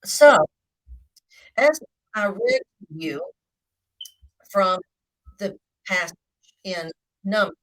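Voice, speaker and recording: A woman giving a live video Bible teaching, speaking slowly and deliberately, with the occasional hiccup. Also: mid-range voice, no room sound, rough recording. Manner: slow, deliberate, lively intonation.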